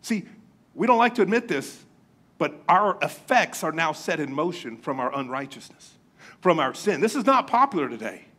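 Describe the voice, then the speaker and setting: Preaching from a church pulpit, a pastor from Florida speaks at an ordinary pace in a slightly high voice. He's a lively, joking storyteller, energetically recounting funny moments from his boyhood.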